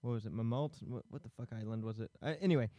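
A man in relaxed podcast banter asks questions about a film and curses cheerfully at his own mistakes. His voice is dry and close to the mic. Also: mid-range voice, quick pace, dry recording. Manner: swears freely, jokey and self-deprecating. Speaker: podcast co-host. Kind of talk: casual film discussion.

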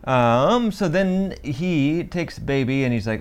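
A man's voice: a little high, lively intonation, a little slow, clear, resonant tone. A young man co-hosting a podcast, recapping a film in casual chat, rambling and joking with lots of fillers and restarts. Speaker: podcast co-host.

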